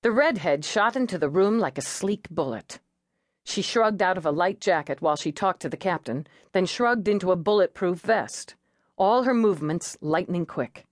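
A woman narrating an audiobook in a measured, expressive reading voice. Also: on the low side, no room sound, clean studio sound.

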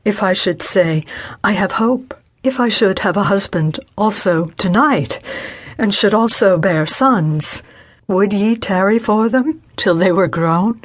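A woman reading an older widow worn down by grief. She pleads softly and sorrowfully in a slow, breathy storybook voice. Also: medium pitch, animated. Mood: pleading. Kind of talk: scripted audiobook narration.

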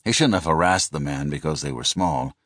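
A man narrating a thriller audiobook in a measured, descriptive manner. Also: extremely low pitch, fairly bright tone, no echo, studio quality. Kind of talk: scripted narration.

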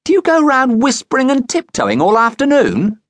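A man voicing a bossy, loud eleven-year-old girl in an audiobook, speaking as if everyone were slightly deaf. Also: very high-pitched, wildly swooping pitch, moderate pace, no echo, pitched above the performer's own voice, full character voice.

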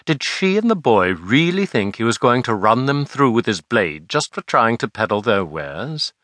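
A man narrating a historical novel as an audiobook, expressive storytelling. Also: medium pitch, normal speed, no echo.

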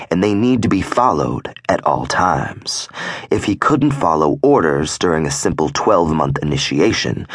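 Gruff male audiobook narrator: a very low, husky voice with slow, deliberate pacing. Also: no room sound, clean studio sound. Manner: gruff, growling delivery of profane dialogue. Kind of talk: first-person audiobook narration.

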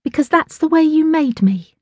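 Brief: sullen defiant teen girl, read by a woman narrator, high and whiny. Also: big pitch swings, moderate pace, warm tone, no room sound, clean studio sound. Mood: sulky. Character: sulky defiant teenage schoolgirl.

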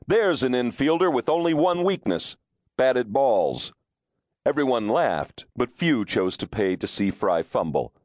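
Guy narrating an audiobook, lowish voice, wry storyteller, dry close mic. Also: no echo.

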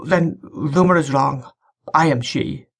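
A man's voice: on the high side, slow pace, breathy edge, pitched above the performer's own voice, heavily acted. A man playing a frightened teenage bride. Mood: quiet resolve. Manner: timid, tearful. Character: young frightened girl bride, about fourteen.

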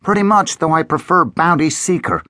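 A man's voice: on the high side, normal speed, dry recording, clean studio sound, voice pushed up. A man voicing an earnest teenage elf boy. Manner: earnest, trying to sound steady. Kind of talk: audiobook character voice.

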